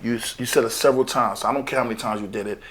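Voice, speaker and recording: Fast-talking brash male interviewer. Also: mid-range voice, steady tone, a bit bright. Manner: brash, profane, takes charge of the conversation. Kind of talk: casual interview.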